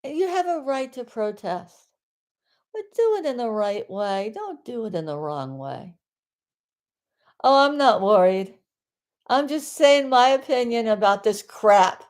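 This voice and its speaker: A woman from South Florida ranting loudly on a live stream from her bedroom, rambling and exasperated, with bursts of yelling. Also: a little high, big pitch swings, measured pace.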